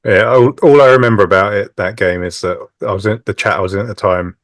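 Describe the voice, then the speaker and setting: A man co-hosting a casual gaming podcast, relaxed and wry, swearing now and then. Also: fairly low pitch, fast, dry recording, clean studio sound. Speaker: podcast co-host. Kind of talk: casual chat.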